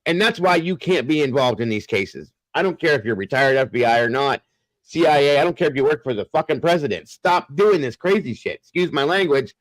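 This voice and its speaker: A man's voice: medium pitch, lively intonation, brisk, dry recording, low-quality recording. A man hosting a casual chat who turns blunt and profane when he gets heated. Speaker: host.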